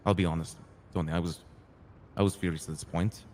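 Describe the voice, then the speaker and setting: A streetwise crew boss, voiced by a man in a roleplay game, earnest and hot-tempered. He tells his side animatedly, acts out the lines of others and swears freely. His voice sits a little low, with a long reverb tail behind it. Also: steady tone, brisk, mellow, a little hiss or hum, natural voice. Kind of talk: in-character storytelling in a roleplay game.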